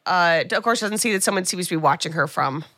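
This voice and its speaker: A woman's voice: lowish voice, animated, quick pace, pushed and bright, no room sound. A woman co-hosting a podcast, casually recapping a movie and acting out characters' lines with sarcastic asides. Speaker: podcast co-host. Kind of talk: casual film recap chat.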